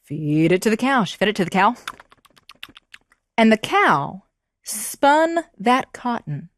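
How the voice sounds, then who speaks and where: A woman storyteller telling a fairy tale to children, expressive and prompting them to join in. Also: medium pitch, slow.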